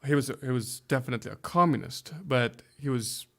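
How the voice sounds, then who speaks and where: Speaking fairly quickly in a medium-pitched, slightly bright voice, this Hungarian pastor in his fifties is a guest in a conversational interview. He talks carefully with a Hungarian accent, restarting often as he looks for English words.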